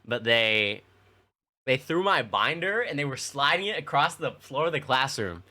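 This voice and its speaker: Animated, swearing young male streamer. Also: medium pitch, moderate pace. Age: young adult. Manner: rambling, profane, lots of fillers. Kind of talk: casual storytelling to chat.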